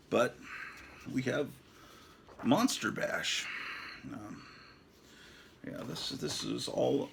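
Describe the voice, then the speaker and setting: A middle-aged man rambling through a casual home tour vlog with halting restarts, addressing viewers as ladies and gentlemen. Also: mid-range voice, vocal fry, a little hiss or hum. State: out of breath. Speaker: collector giving a home tour. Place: house interior.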